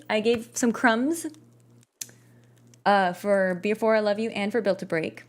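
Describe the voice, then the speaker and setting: A woman's voice: medium pitch, a little slow. A woman gaming vlogger chatting casually and rambling, with lots of fillers and restarts. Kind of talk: casual chat while gaming.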